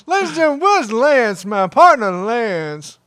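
A man putting on the voice of an excitable male wrestling TV announcer, with booming announcer patter. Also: a little slow, clean tone, no room sound, full character voice. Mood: hyped.

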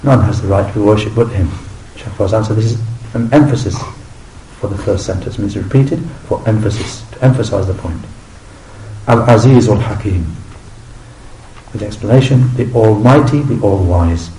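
A man gives a recorded religious lesson with a mellow, relaxed tone, explaining his source in a measured way and restating each Arabic term in English. The recording is roomy and echoey, with a faint hiss of background noise underneath. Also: lowish voice. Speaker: teacher translating and explaining a scholar's commentary.

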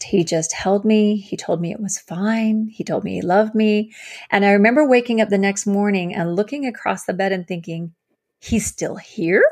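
A woman sharing her personal story as an interview guest, earnest and halting, with many fillers and restarts. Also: medium pitch, darkish tone. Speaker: guest, survivor advocate.

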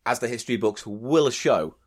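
A man from Britain co-hosting a podcast in casual comedic chat, animated and joking, swearing now and then. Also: medium pitch, moderate pace. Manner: animated, joking, swears, does silly voices. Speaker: podcast co-host.

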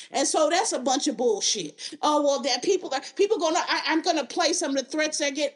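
High-voiced woman ranting on a podcast. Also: brisk, hardly any pauses. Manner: heated, profane, blunt, with lots of restarts. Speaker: podcast host. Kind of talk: casual political rant.

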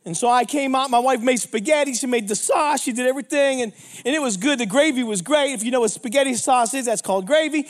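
A man in his fifties from Pittsburgh, preaching an energetic, joking sermon as a traveling minister, often throwing questions to the congregation. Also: very high voice, quick pace. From Pittsburgh, United States.

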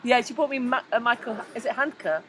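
A woman's voice: fairly high pitch, fairly quick, a bit bright, slight background noise. A woman in her thirties co-hosting a podcast, chatting casually with teasing jokes. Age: 30s. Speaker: podcast co-host. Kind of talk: casual chat.

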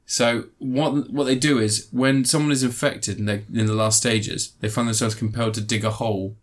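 A man's voice: medium pitch, fairly even intonation. Rambling sarcastic man recapping a film. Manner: sarcastic, rambling with fillers and quick mock voices. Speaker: film reviewer. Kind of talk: casual film recap chat.

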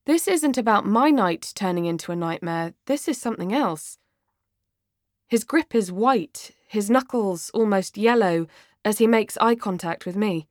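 A woman reading a first-person audiobook in an expressive, dramatic way. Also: mid-range voice, measured pace, dry recording, clean studio sound. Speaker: audiobook narrator.

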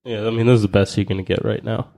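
A man's voice: lowish voice, fairly even intonation, very fast, mellow. A young man in casual chat, cracking jokes and chiming in briefly. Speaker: podcast co-host.

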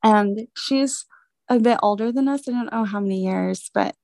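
A woman guest in a casual interview conversation, speaking in a halting, reflective way and warmly affirming her host. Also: fairly high pitch, vocal fry, no room sound. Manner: halting and reflective, many fillers and restarts, warm affirmations. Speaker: interview guest and business owner.

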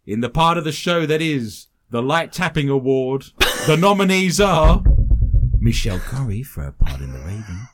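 A British male radio host bantering with his co-hosts. His pitch swings freely as he teases them with dry jokes and reads listener letters aloud. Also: big pitch swings, moderate pace. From Britain. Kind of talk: bantering radio show chat.

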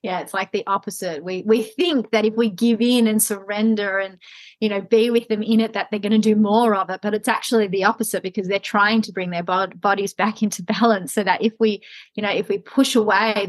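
A woman's voice: mid-range voice, fairly even intonation, fairly quick, dry recording. Thoughtful woman on a dry close mic. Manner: warm, thoughtful, hesitant with many "you know"s. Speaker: podcast guest. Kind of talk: casual podcast conversation.

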